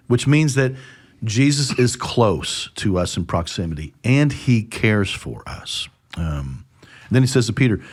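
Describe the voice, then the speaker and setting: A man with a lowish voice hosts a relaxed church discussion. He retells scripture with energy and jumps into character voices as he acts out the lines. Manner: animated retelling, acts out dialogue with lively pitch jumps. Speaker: church podcast host. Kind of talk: conversational Bible discussion.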